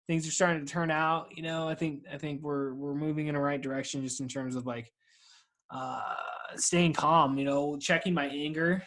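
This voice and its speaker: A man in his thirties, stoned, hosts a solo podcast over a video call in a slightly higher voice than most men. He rambles loosely and swears freely, laughs easily, and argues back and forth with himself. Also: a bit bright. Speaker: podcast host.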